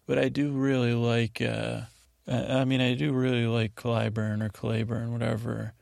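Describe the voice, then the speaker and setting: Man, gravelly voice, flat delivery, dry close sound, rambling sleepy recap. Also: mid-range voice, dry recording. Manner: meandering, hesitant, acts out scenes in quick voices. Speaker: podcast host.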